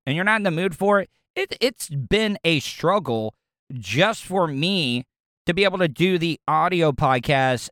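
A man's voice: on the high side, fairly bright tone, smooth, no echo, studio quality. A man with a Southern US accent hosting his own podcast, chatting loosely and rambling with repeated words. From American South. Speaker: podcast host. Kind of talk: casual solo podcast talk.

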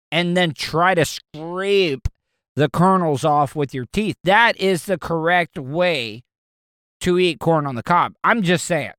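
Male solo podcaster, slightly high voice, dry close sound, rambling and crude, lots of restarts. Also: a bit bright, clean tone, dry recording. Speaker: podcast host. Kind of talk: casual solo monologue.

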